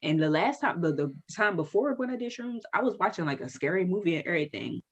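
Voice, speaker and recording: Animated, profane woman chatting. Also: on the low side, quick pace, breathy edge, muffled recording. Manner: animated, profane, laughs while ranting. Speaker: podcast co-host. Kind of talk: casual chat.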